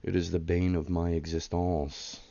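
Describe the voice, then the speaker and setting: Man, card break host, rambling casual chatter, low voice, dry dull audio. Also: level tone, a little slow, gravelly, mellow, no room sound. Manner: chatty, rambling, hypes up the pulls.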